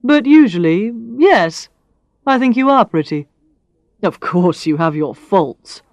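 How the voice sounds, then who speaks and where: Blunt male gallery owner voiced by a woman reader, teasing and matter-of-fact, slow delivery. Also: medium pitch, lively intonation, darkish tone, no room sound. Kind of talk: reading a story aloud.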